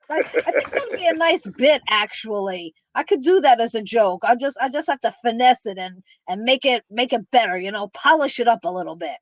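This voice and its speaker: A woman's voice: a little high, animated, fairly quick, few pauses, no room sound. A woman guest on a podcast, chatting in a jokey, teasing way and laughing often. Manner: jokey, laughs often, does comic voices. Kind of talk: casual chat. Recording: dull lo-fi sound.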